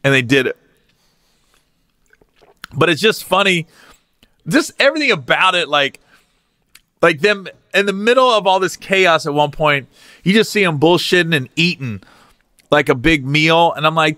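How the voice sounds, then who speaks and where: Male comic host, lively and swinging in pitch, bright tone, dry close sound, profane. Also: normal speed, long pauses, no room sound. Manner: animated, profane, laughs at his own stories. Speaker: podcast host. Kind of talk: comedic podcast storytelling.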